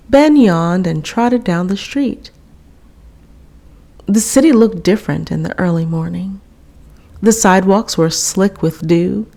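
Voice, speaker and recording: Slow, gravelly woman reading a storybook. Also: mid-range voice, a little mellow. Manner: playful, wry. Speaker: narrator. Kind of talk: storybook narration.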